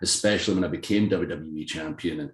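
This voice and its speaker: A Scottish man with a very low voice chats as an interview guest in a room with noticeable echo. He tells stories in a lively, self-deprecating way and laughs often. His accent is softened but still plainly Scottish. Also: fast talker. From Scotland. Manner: animated, self-deprecating storyteller who laughs often and acts out quoted voices. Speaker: guest, professional wrestler. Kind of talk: casual interview chat.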